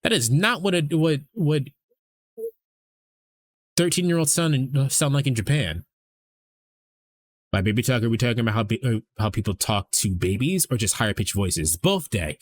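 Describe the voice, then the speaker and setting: A man's voice: mid-range voice, normal speed, pauses often. A young adult man streamer rambling casually to his chat, swearing freely and restarting his sentences often.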